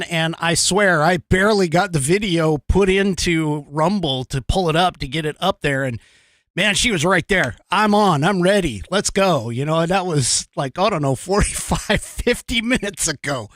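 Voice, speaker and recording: A man's voice: on the high side, a bit bright, no echo, clean studio sound. Rambling, chuckling male podcast host. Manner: rambling, chuckling often, with many fillers. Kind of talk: casual livestream talk.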